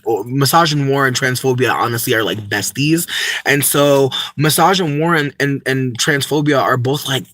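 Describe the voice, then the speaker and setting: A man's voice: mid-range voice, fairly bright tone, no echo, clean studio sound. A young man talking casually to a livestream chat, ranting emphatically with lots of swearing and restarts. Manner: profane, emphatic, many fillers and restarts.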